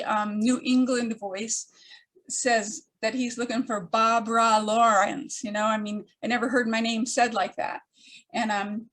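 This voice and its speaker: An older woman telling a personal story to an audience, with wry humor and frequent pauses. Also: fairly high pitch, fairly bright tone. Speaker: storyteller speaker.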